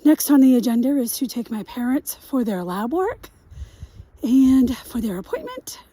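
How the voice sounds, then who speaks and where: Woman vlogger, husky voice, high pitch, unhurried, frank and self-deprecating. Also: sing-song, mellow. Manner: frank, self-deprecating, talks to viewers directly. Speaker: single mom vlogger. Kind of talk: casual vlog talk to camera.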